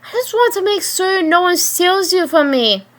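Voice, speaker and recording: A woman reading a story aloud and voicing a clingy, possessive young girlfriend who pleads and turns shrill. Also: lively intonation, moderate pace.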